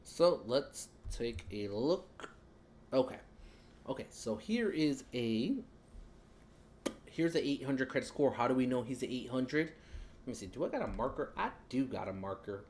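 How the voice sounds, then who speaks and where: A man teaches credit basics on a live stream in a relaxed, chatty way, with a mid-pitched voice. He keeps talking while he clicks around his computer. A faint hiss of noise sits under the voice. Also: measured pace. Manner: loose, chatty, talks while fumbling with the screen. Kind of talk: casual live-stream explanation.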